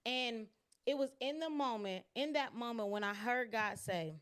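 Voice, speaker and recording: A woman's voice: a little high, normal speed, clean tone. A woman telling a candid personal faith testimony in an interview, acting out what people said. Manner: candid, expressive storytelling with quoted dialogue and restarts. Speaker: interview guest.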